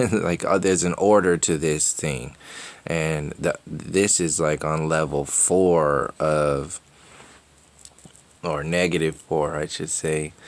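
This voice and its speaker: A man hosting his own video, speaking in a meandering, sarcastic monologue full of restarts and fillers. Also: rumbling low. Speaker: video host. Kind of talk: rambling monologue.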